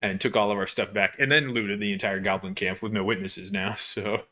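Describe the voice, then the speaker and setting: A young man co-hosting a podcast who tells gaming stories in a rambling, animated way with lots of fillers. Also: on the low side, a little fast. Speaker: podcast co-host. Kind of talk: casual chat, storytelling.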